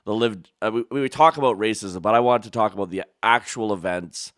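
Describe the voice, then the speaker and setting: A man hosts an interview in a low, smooth, resonant voice. He asks questions in an easy conversational way and often offers short agreements. The recording is dry and close, with no room echo. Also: fairly quick, a bit bright. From Canada. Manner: attentive, frequent short agreements. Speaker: podcast host.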